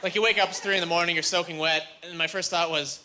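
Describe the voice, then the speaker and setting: A young man doing a stand-up routine on a comedy club stage, animated and jumping into high squeaky voices when acting out scenes. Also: fast talker, heavy background noise. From Canada. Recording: live club recording with audience laughter.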